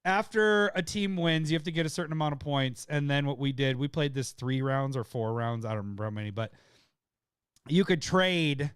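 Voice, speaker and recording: A man co-hosting a podcast, telling a story in casual chat, laughing often and putting on loud voices of his friends. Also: a little high, a little fast, smooth, no echo, clean studio sound. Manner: laughing, animated storyteller who shouts impressions of friends. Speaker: podcast co-host.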